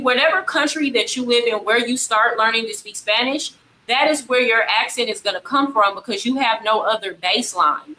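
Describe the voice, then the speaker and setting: A woman's voice: mid-range voice, bright, forceful tone, a little hiss or hum, poor audio. A woman in a casual panel discussion who teaches languages, giving emphatic advice. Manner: emphatic, advising. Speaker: podcast guest.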